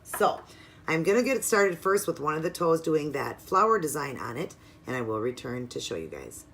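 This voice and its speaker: A woman's voice: deep voice, very animated, moderate pace, fairly bright tone, slight background noise. A woman hosting her own nail art video, walking through her supplies step by step in a chatty, upbeat way. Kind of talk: casual tutorial narration.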